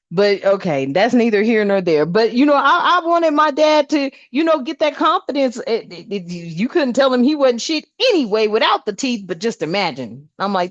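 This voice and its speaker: A woman doing a spiritual reading in a casual vlog, talking bluntly with lots of swearing and lively storytelling. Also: on the high side, normal speed, few pauses, dry recording. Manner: blunt, profane, animated storytelling. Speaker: spiritual reader. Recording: dull, dry sound.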